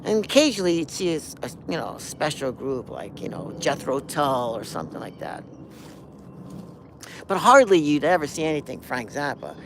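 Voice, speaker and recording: A man in his sixties, hosting a live stream and telling a rambling, animated story, now and then humming melodies and acting out quotes. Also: fairly high pitch, normal speed, a little hiss or hum. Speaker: host.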